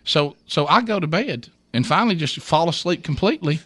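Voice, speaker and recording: A man's voice: fairly high pitch, animated, a little fast, sharp tone, slightly rough, no room sound. A man hosting a morning radio show, rambling through a funny story and acting out the quotes with laughter. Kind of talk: casual morning radio chat.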